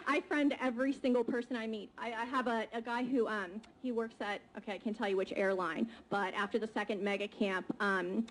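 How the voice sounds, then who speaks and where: A woman's voice: a little high, steady tone, a little fast, few pauses, slight background noise, poor audio. A woman from Maryland, a real estate agent, talking in a chatty, free-flowing way with many fillers. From Maryland, USA. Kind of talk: casual panel talk.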